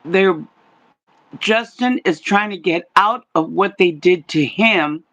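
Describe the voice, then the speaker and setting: Slow, halting older woman medium. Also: fairly low pitch, fairly bright tone, dull audio. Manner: halting, stumbling restarts. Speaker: psychic medium. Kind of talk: psychic reading on a livestream.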